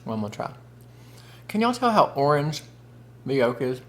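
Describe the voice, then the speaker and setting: A man's voice: medium pitch, big pitch swings, moderate pace. A man who chats casually and folksily with viewers while eating on camera. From Southern United States. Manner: chatty, folksy, addresses viewers as y'all and honey. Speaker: food vlogger. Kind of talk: casual mukbang chat.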